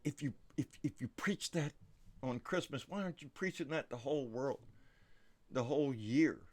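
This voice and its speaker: A man hosting a casual livestream, talking excitably with frequent swearing and stumbling restarts. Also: medium pitch, moderate pace. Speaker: livestream host. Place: South Texas.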